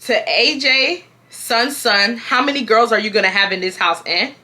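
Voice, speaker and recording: A stern older mother scolding her son in a heavy put-on accent, as a young woman puts her on, her voice raised and a little higher than usual. The tone is bright and sharp, clipped and disapproving. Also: expressive, moderate pace.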